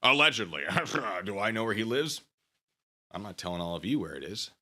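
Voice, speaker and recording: A man's voice: lowish voice, very animated, brisk, bright, forceful tone. A man hosting his own channel, ranting to the camera and goading a rival in a taunting, sarcastic way. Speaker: channel host.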